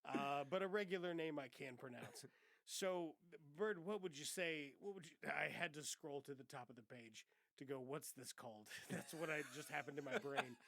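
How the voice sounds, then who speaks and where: A man chats casually about a movie with a fairly high voice, rambling and joking as he trips over names. The sound is dry and close, with no room around it. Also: normal speed, gravelly, a bit bright, dry recording. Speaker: podcast co-host. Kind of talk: casual movie review chat.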